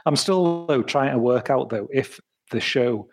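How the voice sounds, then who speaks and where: A man's voice: mid-range voice, unhurried. A man chatting casually on a podcast in a rambling, hesitant way, swearing now and then.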